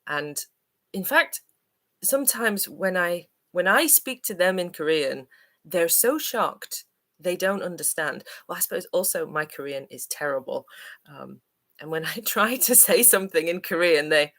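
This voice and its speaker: A woman's voice: lowish voice, expressive, normal speed, a bit bright. A woman from Manchester, an English teacher, chatting on a livestream Q&A in a hesitant, friendly way with lots of ums and uhs. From Manchester, England.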